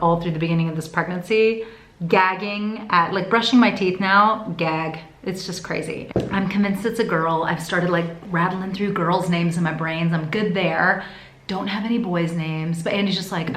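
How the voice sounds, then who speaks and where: A woman talking to camera in a casual vlog, telling her story in a chatty, expressive way. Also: lowish voice. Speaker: vlogger. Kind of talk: casual pregnancy update vlog. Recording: echoey room.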